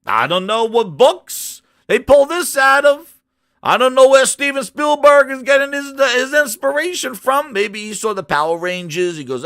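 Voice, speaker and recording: A man hosting a gaming channel, ranting about a show in an animated, mocking way and jumping up into high shouts. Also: normal speed, no echo, studio quality.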